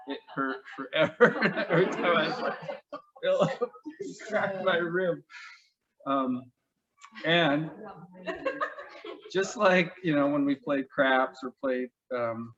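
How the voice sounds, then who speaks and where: A man's voice: mid-range voice, fairly bright tone. A man casually telling fond, funny stories about a friend, rambling and laughing as he goes, on a dull lo-fi recording. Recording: dull lo-fi mic.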